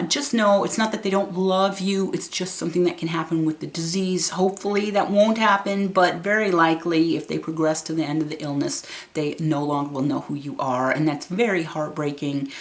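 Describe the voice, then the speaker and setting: Earnest middle-aged lady vlogging, chatty and candid, lowish voice. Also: fairly even intonation, normal speed. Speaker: vlogger and family caregiver. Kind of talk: casual talk to camera.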